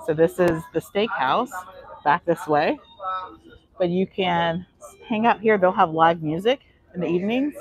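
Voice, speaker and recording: Her voice sits on the low side and is husky, and she keeps a measured pace; the poor audio has no room sound. The woman is a vlogger touring the indoor decks of a cruise ship live, chatting, taking chat questions, and slightly short of breath.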